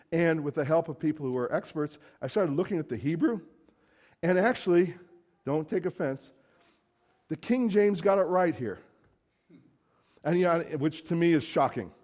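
A man's voice: a little high, animated, moderate pace, long pauses, darkish tone. A man preaching a sermon in a conversational, emphatic way, acting out quoted lines.

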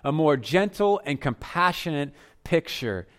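A man preaching a sermon as pastor, earnest, dropping to softer tones for emphasis. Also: on the high side, very animated, measured pace.

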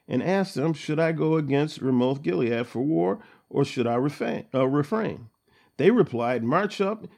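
A man's voice: mid-range voice, darkish tone. A man reading Bible verses aloud and retelling them in casual everyday words, with frequent fillers and chuckles. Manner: reads scripture then paraphrases it in casual words, chuckling often. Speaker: Bible study teacher.

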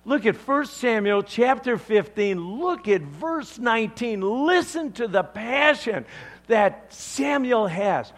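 A male pastor preaching a sermon in an expressive, dramatic, emphatic way. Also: extremely high pitch, takes it slowly.

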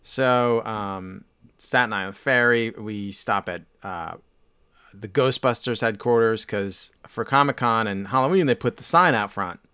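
A man tells a long, meandering story on a podcast, full of fillers and restarts. His voice sits low and sounds smooth and resonant. The recording is dry and close. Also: a little slow, bright, forceful tone, no room sound. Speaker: podcast co-host. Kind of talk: casual chat.

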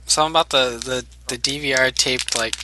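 A man's voice: mid-range voice, steady tone, brisk, noisy background. A man co-hosting a podcast, chatting casually and rambling with fillers. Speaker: podcast co-host. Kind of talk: casual chat.

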